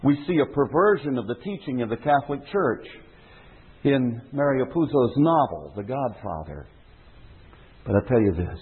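A male preacher delivering a sermon with earnest emphasis, his voice husky and a little rough. The sound is narrow and phone-like, like an old tape of a church service. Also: medium pitch. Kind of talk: sermon with read-aloud novel excerpt. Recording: tinny phone-like sermon recording.

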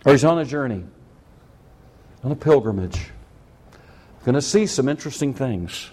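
A man's voice: mid-range voice, expressive, normal speed, mellow. A man preaching a sermon, cracking jokes and acting out scenes in voices. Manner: jokey, acts out scenes in voices. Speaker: pastor.

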